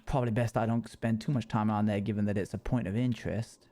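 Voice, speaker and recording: A man streaming a survival game narrates in character, talking to himself with folksy, rustic phrasing and frequent chuckles. His voice is lowish and dark in tone, with fairly even intonation, and he talks fast.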